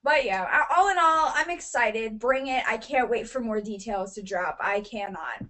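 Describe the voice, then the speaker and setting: A woman co-hosting a casual gaming podcast, talking candidly and getting fired up quickly. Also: fairly high pitch, pushed and bright. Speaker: podcast co-host.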